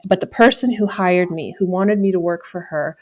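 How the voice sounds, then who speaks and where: An American woman in her thirties appears as a podcast guest, sharing a personal story candidly and reflectively in a fairly low, darkish voice at normal speed. She often corrects herself and laughs along the way.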